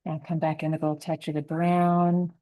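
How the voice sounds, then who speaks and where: A woman giving a relaxed, encouraging step-by-step painting lesson, thinking aloud as she paints. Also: deep voice, a little fast, rough recording. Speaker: painting instructor.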